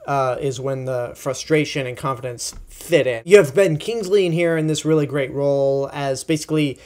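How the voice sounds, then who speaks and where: A man's voice: medium pitch, normal speed, a little mellow. A young man giving a casual, chatty film review, enthusiastic and full of asides and fillers. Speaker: movie reviewer.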